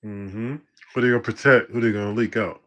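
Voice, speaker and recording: A man's voice: fairly low pitch, fairly even intonation, fairly quick, a bit bright, muffled recording. Laid-back man hosting a livestream. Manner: laid-back slangy talk with frequent fillers. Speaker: livestream host. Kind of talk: casual livestream commentary.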